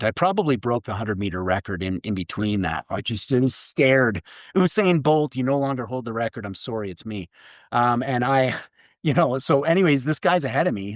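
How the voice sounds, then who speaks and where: A man from Canada, a keynote speaker, telling a story in an animated way and laughing as he goes. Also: medium pitch, no room sound, clean studio sound. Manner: lively, laughs through his story.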